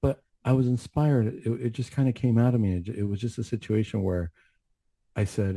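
A mental health counselor gives an earnest, reflective faith testimony on a talk show, drifting into many asides. His voice is medium-pitched, steady, and warm, at a moderate pace. The recording is dry.

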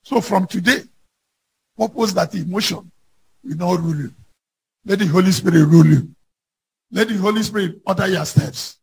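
A man preaching a fervent sermon, reading scripture slowly and with emphasis, and rising to shouts on key lines. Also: high voice, gravelly, breathy edge.

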